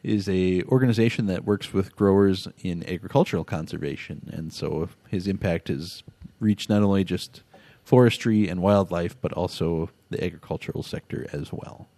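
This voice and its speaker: A man's voice: low voice, normal speed, mellow, no room sound. A man hosting a casual podcast, laughing often and telling stories with animation. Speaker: podcast host. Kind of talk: casual chat.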